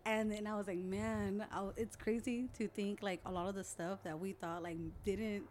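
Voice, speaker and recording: A woman's voice: mid-range voice, steady tone, normal speed, a little mellow, slight background noise. A young woman, a guest on an interview show, chattily retelling conversations and memories in a casual storytelling way. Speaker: guest, older sister.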